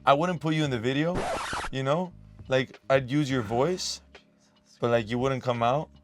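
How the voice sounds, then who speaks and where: A man's voice: mid-range voice, moderate pace, background noise. Man chatting, filler-heavy. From Colombia. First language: Spanish. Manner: relaxed, many "like" fillers, reflective. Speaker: musician guest. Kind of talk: casual interview chat. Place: studio.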